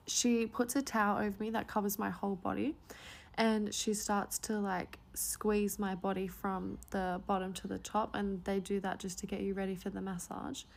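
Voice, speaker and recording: A woman tells a storytime vlog, her voice carrying a gravelly fry at the ends of phrases. She retells events in a chatty, animated way, full of casual fillers. Her pitch sits in an ordinary middle range. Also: normal speed.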